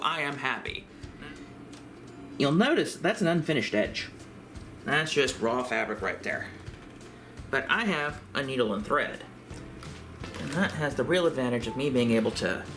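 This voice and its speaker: A man giving a calm, step-by-step craft tutorial for a library. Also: medium pitch.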